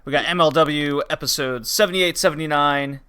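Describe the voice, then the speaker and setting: A young man hosting a podcast, chatting loosely with quick asides and laughs. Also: fairly high pitch, sharp tone, clear, resonant tone. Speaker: podcast host. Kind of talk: casual chat.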